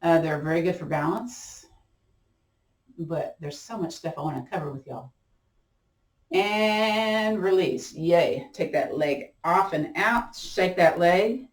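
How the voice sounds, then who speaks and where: A woman instructor leading a gentle chair yoga class, chatty and playful, often laughing and encouraging. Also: on the low side, slow, recorded from a distance. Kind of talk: guided exercise class. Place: room at home. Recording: roomy sound from off-mic.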